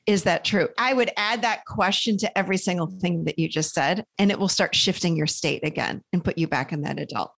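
Animated woman therapist telling stories. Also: lowish voice, fairly quick, gravelly, few pauses, no room sound. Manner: animated storyteller, acts out dialogue. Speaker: therapist and guest expert. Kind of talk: casual interview chat.

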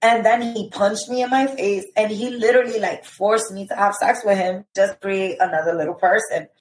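A woman telling a painful personal story as a podcast guest, emotional and halting, with many fillers. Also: medium pitch, echoey room, poor audio.

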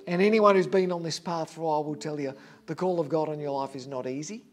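A man with a high, light voice delivers a sermon. He preaches earnestly and with emphasis, leaning on repeated phrases to drive each point home. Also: fast, faint music behind.

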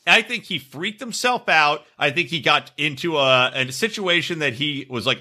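Man, very bright voice, lively pitch, blunt and foul-mouthed podcast chat. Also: normal speed. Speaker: podcast co-host. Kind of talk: casual profane chat.

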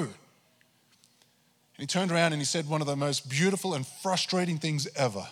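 A man's voice: fairly high pitch, moderate pace, pauses often, a bit bright, big-room sound. A pastor preaching a sermon, telling his own story with animation and acting out his prayers to God. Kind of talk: sermon testimony.

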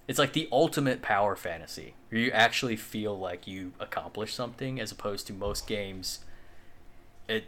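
A man's voice: lowish voice, a bit bright, slight background noise. A man co-hosting a podcast in casual chat, rambling with lots of fillers and the odd swear. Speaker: podcast co-host.

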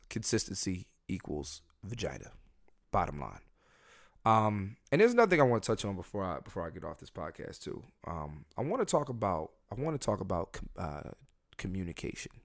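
Man, podcast host, casual solo rant, profane and blunt, repeats himself, pitch jumps around a lot. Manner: profane, blunt, talks straight to the listeners; repeats words and restarts often. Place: home room near a window.

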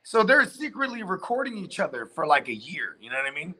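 A man's voice: a little high, sing-song, a little fast, bright, forceful tone. A man hosting a casual chat, telling a long story loosely with lots of fillers and swearing. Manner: rambling storyteller, heavy filler and profanity.

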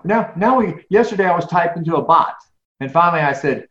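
This middle-aged interview guest speaks a little fast and animatedly in a rather high, slightly bright voice. He's emphatic in this conversational interview, full of restarts and repeated words. The sound is lo-fi, dull, and echoey.

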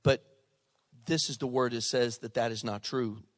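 A man's voice: medium pitch, fairly even intonation, moderate pace, no echo. A male pastor preaching a sermon with passion and conversational humor.

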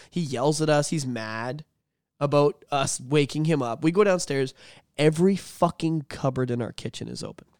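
A young man telling a story on a podcast, his voice sitting a bit high for a man. He swears freely and rambles through loose, animated chatter with plenty of filler words. The sound is close and dry. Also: moderate pace, clean tone, no echo. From Canada. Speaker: podcast host. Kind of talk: casual storytelling.

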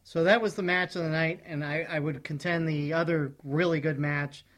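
A male podcast co-host with a slightly high voice at normal speed chats casually about wrestling. Relaxed but opinionated, he gives firm takes and often restarts his sentences.

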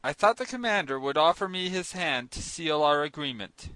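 A man's voice: a little high, expressive, moderate pace, pushed and bright, dry recording. A man narrating an audiobook in an earnest, formal first-person voice, into a close studio mic. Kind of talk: scripted narration of a classic novel.

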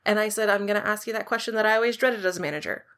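A woman in casual podcast chat, telling a story with plenty of animated back-and-forth as she acts out what everyone said. Her voice is bright and forward, sitting at an ordinary pitch for a woman. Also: rapid-fire. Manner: animated, acts out quoted dialogue. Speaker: podcast co-host.

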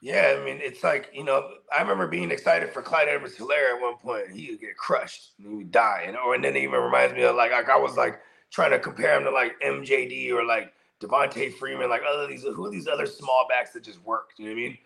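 A man's voice: mid-range voice, fast talker, creaky, hardly any pauses, pushed and bright. A man co-hosting a casual fantasy football chat, rambling and profane, tagging lines with "you know what I mean". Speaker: co-host.

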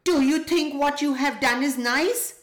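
A woman's voice: sing-song, takes it slowly, echoey room, heavily acted. A woman voicing a small, brave male grasshopper, angry and screeching at a bully. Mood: indignant. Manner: shrill and screeching.

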